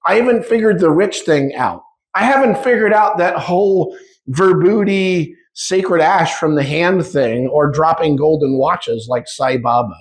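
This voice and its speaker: A man's voice: on the high side, a little slow. A man in his fifties giving an informal spiritual talk to a live audience, speaking conversationally and acting out little dialogues. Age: 50s. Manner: conversational, acts out dialogue with shifting speed. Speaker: spiritual teacher. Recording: roomy echo.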